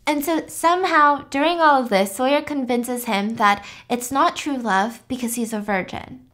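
A woman's voice: high voice, moderate pace, a bit bright. Chatty woman recapping a film. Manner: chatty, wry, many fillers like "like". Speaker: podcast host. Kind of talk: casual movie recap.

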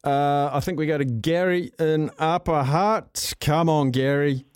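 A man's voice: a little high, unhurried, smooth, no room sound, clean studio sound. A man with a New Zealand accent hosting a casual radio call-in show, chatty and upbeat with callers. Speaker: radio host.

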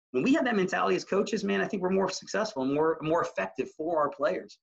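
A man, a high school basketball coach, talking animatedly in a casual interview, rambling with many restarts. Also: fast talker, gravelly, hardly any pauses. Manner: animated, rambling, full of restarts and self-quotes. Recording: slightly muffled audio.

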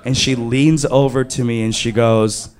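Animated man telling a stand-up story. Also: measured pace, crowd noise, noisy background. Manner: animated, jumps to high panicked yelps when quoting himself. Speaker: stand-up comedian.

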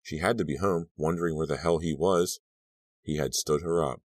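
A man narrating a teen horror novel, with measured, brooding storytelling into a close mic. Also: rumbling low, darkish tone, no echo. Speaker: audiobook narrator. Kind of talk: scripted narration.

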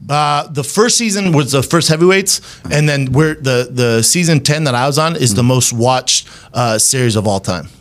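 A man in his thirties, talking at an ordinary middle pitch, spins stories from his past as a podcast guest. He laughs a lot and slips into other people's voices whenever he quotes them, all at an easy conversational pace. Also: animated, normal speed, few pauses. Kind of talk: casual storytelling.

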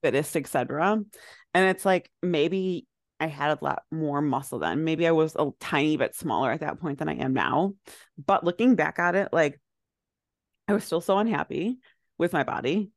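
A young woman with a fairly low voice chats on a podcast, reflective and rambling, leaning on "like" as she thinks aloud. The sound is close and dry, with no room around it. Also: moderate pace, dry recording. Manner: rambling, reflective, lots of "like" fillers. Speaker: podcast co-host. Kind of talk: casual chat.

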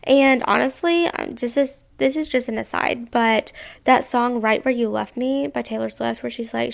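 A woman's voice: a little high, normal speed, creaky. A woman in her early twenties hosting a solo podcast, rambling in a chatty, self-reflective way. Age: 20s. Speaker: podcast host. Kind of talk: casual solo podcast monologue.

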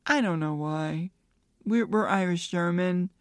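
A woman's voice: on the low side, unhurried, no room sound, studio quality. A woman in her fifties hosting a solo podcast, rambling candidly and swearing freely as she thinks aloud. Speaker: podcast host. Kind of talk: casual solo podcast chat.

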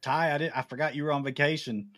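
Easygoing higher-voiced podcast man. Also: steady tone, fast, fairly bright tone, no room sound, studio quality. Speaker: podcast co-host. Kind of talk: casual sports chat.

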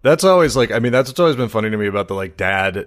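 A man with a somewhat low voice co-hosts a podcast in easygoing conversation. He strings his stories together with lots of "like" and "you know," and he drifts into jokey tangents. His voice dips in pitch whenever he gets into a bit. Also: animated, rapid-fire. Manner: rambling, jokey storytelling with lots of fillers. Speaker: podcast co-host. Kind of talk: casual chat.

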